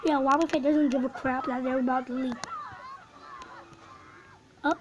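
Young, high-voiced emotional reaction host. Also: level tone, moderate pace, background noise. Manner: emotional, exclaiming, on the verge of tears. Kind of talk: casual reaction commentary.

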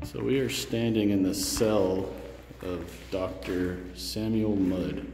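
A man's voice: sits low, steady tone, takes it slowly. Enthusiastic man vlogging over music. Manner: chatty and enthusiastic. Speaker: gardening vlogger. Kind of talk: casual vlog narration.

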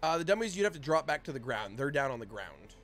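A man running a tabletop role-playing game as dungeon master, narrating in a casual, halting way with frequent restarts. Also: mid-range voice, very animated, a bit bright, soft background music. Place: home streaming setup.

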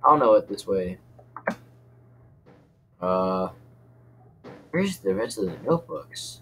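A young man giving excitable game commentary, rambling and yelping in panic. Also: low voice, slow pace, long pauses, slight background noise. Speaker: gaming YouTuber.

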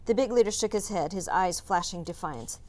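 A woman teacher reading a chapter book aloud, narrating in a calm, measured way. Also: mid-range voice. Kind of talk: storybook read-aloud narration.

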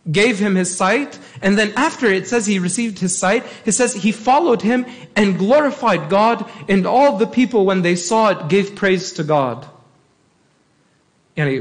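A man, a priest giving a sermon and pressing his points by repeating them. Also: high-pitched. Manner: emphatic, repeats key phrases.

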